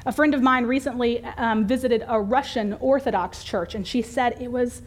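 A woman pastor delivers a sermon in a church, with a casual, self-deprecating manner. Her voice sits somewhat high, and she breaks up the weighty language with light laughter and asides. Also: moderate pace. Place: church sanctuary.

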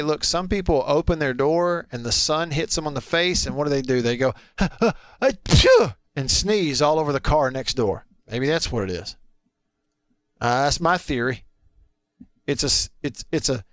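A chatty radio host, a man whose voice sits fairly high and sounds smooth and clear. He reads texts and teases callers with playful energy, close to a dry studio mic. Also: fairly bright tone, no echo. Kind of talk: casual radio talk, reading listener texts.

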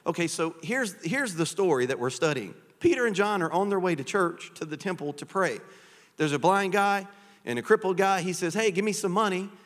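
A man preaching a sermon as pastor, animated and conversational, with frequent rhetorical questions to the congregation. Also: high-pitched, normal speed. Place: church sanctuary. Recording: church hall with long reverb.

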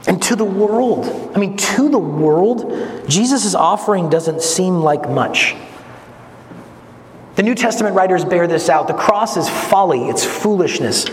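A man preaching a sermon, earnest and emphatic, swinging from strong peaks down to low, quiet lines. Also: expressive, a little slow. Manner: gestures while speaking. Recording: echoey hall with long reverb, faint noise.

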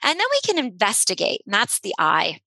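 A woman therapist explaining a technique in a gentle, encouraging, conversational way, often repeating herself. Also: medium pitch, wildly swooping pitch, a little fast, creaky, dry recording, rough recording. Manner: gentle, encouraging, repeats words, many "you know"s. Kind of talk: conversational instructional talk.

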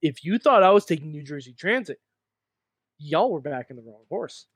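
A man co-hosting a casual wrestling talk show, telling stories with animated, mocking sung bits. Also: fairly high pitch, moderate pace, dry recording, studio quality. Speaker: podcast co-host. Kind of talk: casual chat.

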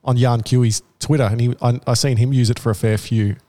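A man chatting easily about software, agreeable, with casual nonstandard grammar. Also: mid-range voice, steady tone, fairly quick. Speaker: software developer. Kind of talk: casual chat.

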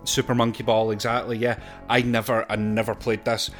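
A man's voice: lowish voice, level tone, fairly quick, soft background music. A man in his thirties co-hosting a casual game podcast, easygoing and a bit hesitant, poking fun at himself. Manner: easygoing, hesitant, self-deprecating. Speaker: podcast co-host. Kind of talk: casual podcast chat about retro games.

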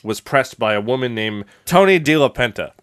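A man's voice: medium pitch, expressive, moderate pace, a bit bright, smooth. A man casually telling a story on a comedy podcast, crude and loose, laughing as he goes.

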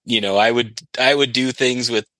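A man's voice: mid-range voice, fairly even intonation, normal speed, pushed and bright, no echo, low-quality recording. A man telling a long, rambling story on a casual podcast, laughing as he goes. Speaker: podcast guest.

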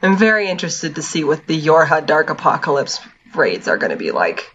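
Low-pitched bright woman, casual gamer talk. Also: big pitch swings, fairly quick, muffled recording, slight background noise. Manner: laid-back gamer talk, swears, laughs often. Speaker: podcast co-host. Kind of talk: casual chat.

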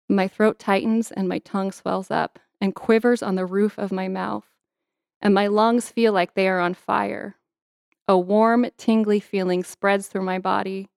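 A woman's voice: mid-range voice, fairly even intonation, measured pace, vocal fry, a little mellow, clear, resonant tone, no room sound, clean studio sound. A young adult woman, an author, reading her memoir in an earnest, intimate way and answering interview questions.

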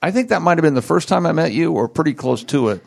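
A middle-aged man hosting a relaxed interview, his somewhat high voice swinging widely in pitch. He jumps in eagerly with reactions and follow-up questions. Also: creaky. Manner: enthusiastic, reactive, quick interjections. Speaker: podcast host. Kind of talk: casual interview chat.

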